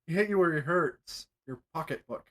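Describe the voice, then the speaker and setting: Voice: medium pitch, lively intonation, normal speed, fairly bright tone. A player in a tabletop role-playing game who speaks in a wry, teasing way. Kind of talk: casual tabletop chat.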